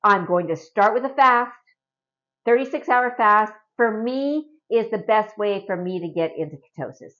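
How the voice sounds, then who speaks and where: A woman's voice: medium pitch, animated, moderate pace, a bit bright, lo-fi sound. A middle-aged woman from Canada talking casually and earnestly to camera in a home vlog, often adding a rhetorical "right?". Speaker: vlogger.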